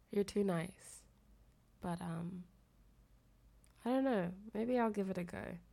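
A young woman, sick and nasal with a fever, talking softly and intimately in a girlfriend phone-call role-play, often giggling and trailing off. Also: mid-range voice, slow, gravelly. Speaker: audio creator.

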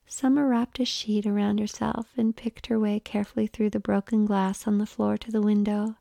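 A woman reads an erotic story in a hushed, unhurried whisper. Her voice is dark and gravelly, recorded close and dry. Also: mid-range voice, flat delivery, no room sound. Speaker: audiobook narrator.

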